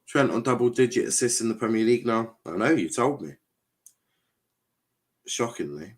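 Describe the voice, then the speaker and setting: A young man with a mid-range voice, lively intonation, and moderate pace streams a football watchalong. Chatting casually, he reads viewer comments aloud, and his rambling talk repeats phrases and is full of fillers.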